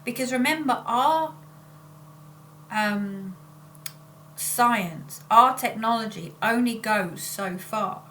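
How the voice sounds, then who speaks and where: A woman's voice: fairly high pitch, slow pace, pauses often, pushed and bright, a little hiss or hum. A woman, chatting casually on her vlog in a rambling way, often breaking off to correct herself. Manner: rambling and self-interrupting. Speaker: spiritual channeler and vlogger. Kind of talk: casual chat.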